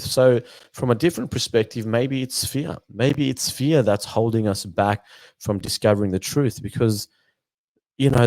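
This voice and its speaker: A man's voice: mid-range voice, a little slow, darkish tone, no echo. A man hosting a reflective spiritual book discussion. He muses in a meandering way, repeats words and says "you know" often, and sometimes reads passages aloud.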